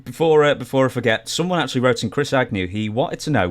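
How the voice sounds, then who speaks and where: A man hosting an interview in a relaxed way and reading out viewer questions to his guest. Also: mid-range voice, fast, hardly any pauses. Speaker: interview host. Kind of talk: casual interview.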